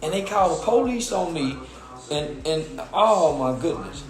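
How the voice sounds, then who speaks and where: Man, high-pitched, hyped profane livestream rant, loud and repetitive, echoey room, crowd behind. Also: animated, unhurried. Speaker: content creator.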